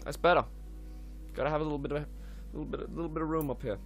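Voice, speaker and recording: A man's voice: a little high, steady tone, very fast, faint music behind. A man giving casual let's-play commentary, full of profane, muttered asides. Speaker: gameplay commentator.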